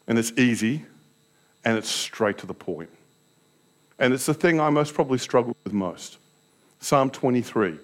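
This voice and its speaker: A pastor preaching a sermon in a candid, self-deprecating way, telling personal stories and asking his listeners rhetorical questions. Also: mid-range voice.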